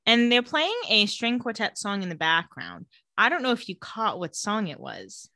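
A woman co-hosting a podcast, recapping a TV episode in casual chat, animated and full of "like" with the odd swear. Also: mid-range voice, normal speed, no room sound, clean studio sound. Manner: animated storyteller, heavy use of "like", swears casually.

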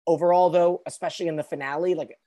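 A man's voice: fairly high pitch, fairly even intonation, fast talker, dark tone. A man hosting a podcast in casual chat, talking loosely and often correcting himself. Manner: chatty, loose, self-correcting. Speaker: podcast host.

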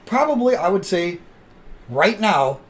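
A man hosting a podcast, chatting casually and telling stories with animated delivery. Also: high-pitched, a little slow. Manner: animated storyteller. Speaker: podcast host. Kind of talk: casual chat.

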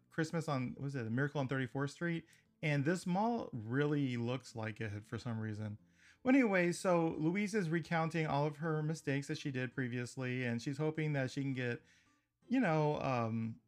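A man hosting a podcast, casually recapping a cartoon episode. He is chatty and laughs often between remarks. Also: a little high. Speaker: podcast host.

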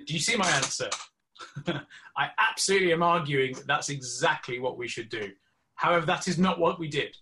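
A man's voice: on the high side, animated, moderate pace, noisy background. A pediatric doctor, a man, argues his case on a panel in an emphatic way. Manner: emphatic, argumentative. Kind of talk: panel discussion argument.

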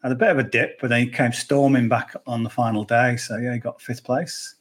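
A man's voice: mid-range voice, fairly even intonation, fairly quick, breathy edge. A man with an English accent, a golf betting pundit chatting casually on a podcast, rambling with jokey asides.

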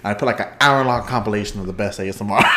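A man's voice: fairly low pitch, quick pace, very noisy. Playful laughing man chatting. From Texas. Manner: playful, laughs often, acts out quoted lines. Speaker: podcast host. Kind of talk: casual chat.

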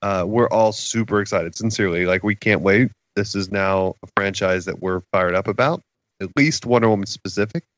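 A man's voice: fairly low pitch, normal speed, fairly bright tone, no echo. A man with a mid-range voice jokes wryly on a casual movie podcast, offering tongue-in-cheek advice. The sound is dry and a bit dull. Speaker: podcast co-host.

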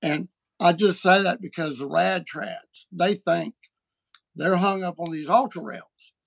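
A man hosting a podcast, talking in a casual, animated and folksy way. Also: high voice, a little slow, gravelly. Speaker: podcast host. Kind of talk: casual chat.

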